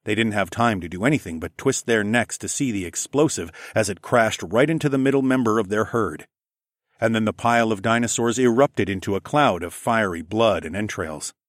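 Man reading a first-person story, lowish voice, steady and matter-of-fact, dry close sound. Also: normal speed, no echo. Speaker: narrator.

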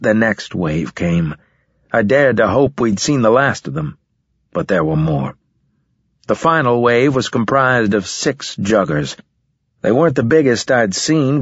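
A man reading a science fiction novel aloud in first person, in a measured, matter-of-fact way. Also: fairly low pitch, dry recording. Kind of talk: audiobook narration, first person. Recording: slightly dull lo-fi recording.

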